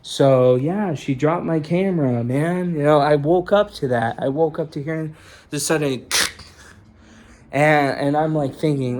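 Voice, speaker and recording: A young man vlogging from indoors, his pitch sitting right in the middle for a man. He tells his story in a loose, rambling way, full of swearing and filler words like "you know" and "dude.". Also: moderate pace, darkish tone. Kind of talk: casual vlog storytelling. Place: indoors in a rented room.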